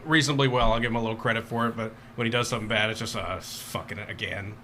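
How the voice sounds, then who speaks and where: Male guest, bright tense voice, deadpan dark jokes, faint noise behind. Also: lowish voice, fast talker. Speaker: podcast guest, comedian. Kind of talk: casual podcast chat.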